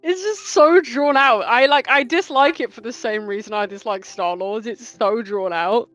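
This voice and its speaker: A woman with a fairly high voice chats animatedly about a game and breaks into playful quotes. Faint music plays underneath. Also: moderate pace, dull audio. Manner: animated, exaggerated and laughing, quoting game lines in funny voices. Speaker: streamer's co-host. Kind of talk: casual gaming chat.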